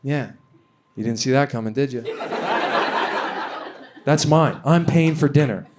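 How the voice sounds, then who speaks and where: A man's voice: mid-range voice, heavy background noise. Rambling young stand-up comedian, man. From Canada. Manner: rambling, halting delivery with many fillers. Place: comedy venue with a laughing audience.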